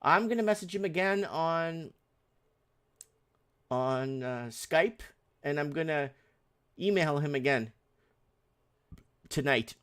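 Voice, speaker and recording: A man's voice: on the high side, slow, long pauses, fairly bright tone, clean tone, dry recording, clean studio sound. A man hosting a casual live stream, rambling and sarcastic, reading headlines and chat messages aloud with many restarts.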